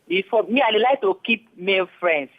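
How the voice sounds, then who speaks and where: A woman calls into a radio show over a tinny, phone-like line. In a mid-pitched voice she chats through a personal story, mixing Pidgin and English. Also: fairly quick. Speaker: caller.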